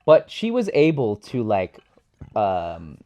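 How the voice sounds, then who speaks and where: Laid-back young man with a lowish voice. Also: slow pace, dull audio. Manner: relaxed, laughs often, quotes lines. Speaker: podcast co-host. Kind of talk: casual movie review chat.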